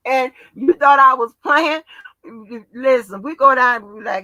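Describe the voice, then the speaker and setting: A brash woman livestream host with a bright, lively voice that swoops up and down as she needles her chat. She talks slowly and profanely, and the sound is dry and close. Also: on the high side, dry recording, poor audio. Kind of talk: casual live-stream chat.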